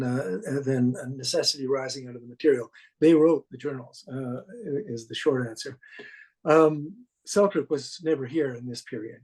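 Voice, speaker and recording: A Canadian man, an author and documentarian, answering interview questions in a halting way with many restarts and fillers. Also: medium pitch, a little mellow, slightly rough, low-quality recording.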